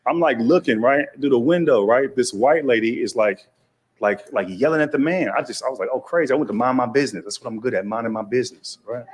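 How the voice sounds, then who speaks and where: A man's voice: mid-range voice, fast, slightly rough. A man from Texas with a Texas accent, telling a stand-up comedy story and acting out the voices of other people.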